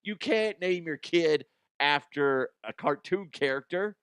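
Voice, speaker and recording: Brief: foul-mouthed comedy news host, somewhat high voice, dry close sound. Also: male voice, expressive, a little slow, a bit bright, clear, resonant tone, no echo. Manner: crude, ranting, mocking, breaks into silly voices. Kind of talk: profane comedic news commentary.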